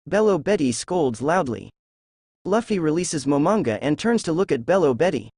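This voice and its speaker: A man narrating a fan novel aloud in a steady reading voice. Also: fairly high pitch, normal speed, husky, no echo, studio quality. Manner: steady reading, reads characters' lines in the same voice.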